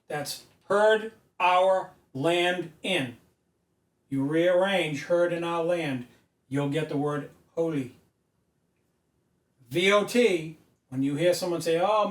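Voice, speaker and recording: A man's voice: on the high side, slow pace. A man giving an emphatic, preachy lecture at a whiteboard, recorded by a camera mic from a distance in an indoor room. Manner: emphatic, preachy, rising to loud insistence. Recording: echoey room, mic far off.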